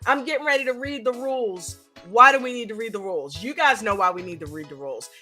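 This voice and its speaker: A woman hosts a live stream in a loose, chatty way and keeps the energy up. Her voice sits a little high and sounds bright and forward. Faint music plays underneath. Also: quick pace. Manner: upbeat, chatty, pitching memberships. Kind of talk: casual live-stream chat.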